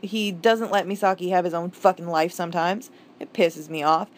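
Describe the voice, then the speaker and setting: A woman's voice: lowish voice, steady tone, moderate pace. A woman casually reviewing manga, rambling with restarts, swearing freely, gushing and exasperated by turns.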